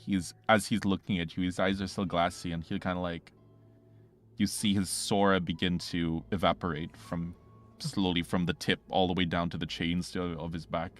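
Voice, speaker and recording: A man's voice: deep voice, level tone, normal speed, soft background music. Man narrating as game master. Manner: dramatic narration, often searching for words.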